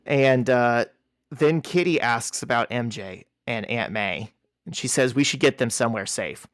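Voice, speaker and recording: A man's voice: normal speed, no echo. A man with a mid-range voice co-hosts a podcast and narrates a comic scene, acting out the dialogue as he reads. He sounds dry and close to the mic. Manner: animated storyteller, reads quoted lines in a lower voice. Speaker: podcast co-host. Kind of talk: casual podcast chat, reading comic dialogue aloud.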